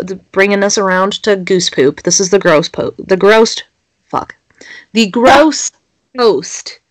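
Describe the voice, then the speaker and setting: A woman's voice: mid-range voice, a bit bright, no room sound. A young woman, co-hosting a casual chat and reading social media posts aloud. She giggles and swears freely.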